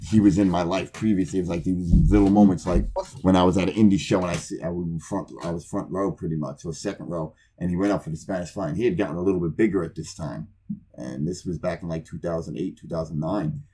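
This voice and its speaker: Deep-voiced man telling a profane story. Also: steady tone, quick pace, mellow, husky. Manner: profane, rambling, acts out both sides of conversations. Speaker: podcast co-host. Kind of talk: casual storytelling.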